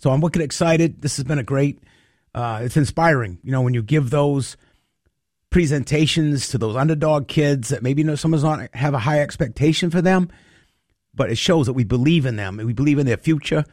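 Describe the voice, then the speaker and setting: A man's voice: on the high side, brisk, darkish tone, no room sound, clean studio sound. A middle-aged man, talking in an earnest, folksy interview style and leaning on "you know" as he makes his points. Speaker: interviewee, trades advocate. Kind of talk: conversational interview.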